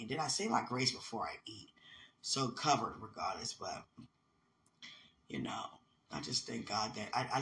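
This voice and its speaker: Man in ministry, casual storyteller, piercingly bright tone, animated and rambling. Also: medium pitch, a little hiss or hum. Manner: animated and rambling, laughs often, keeps asking "you understand?".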